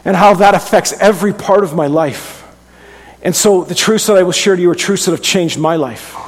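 A man's voice: fairly high pitch, husky. A middle-aged man preaching a sermon as pastor, earnest and conversational, often restarting his sentences. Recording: long hall reverb.

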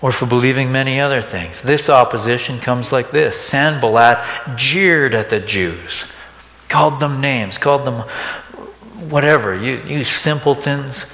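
A male pastor preaches in a plain, conversational way. He keeps turning to the congregation with quick rhetorical questions. His voice sits at an ordinary middle pitch and rings through a large hall with a long reverb. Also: a bit bright. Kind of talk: sermon.

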